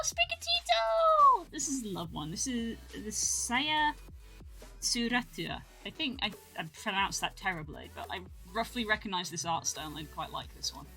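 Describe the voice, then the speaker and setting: A woman chats her way through a live stream, her voice bright and her pitch swinging lively from word to word. She talks casually and excitably, and faint music plays behind her. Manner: chatty, excitable exclamations over cards. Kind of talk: casual live-stream card-opening commentary.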